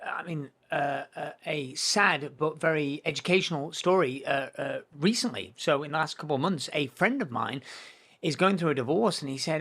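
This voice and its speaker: Guy hosting a business podcast, slightly high voice, earnest, stumbles and restarts a lot. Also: lively intonation, fairly quick, fairly bright tone. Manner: earnest, explanatory, frequent restarts. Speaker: podcast host. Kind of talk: podcast conversation.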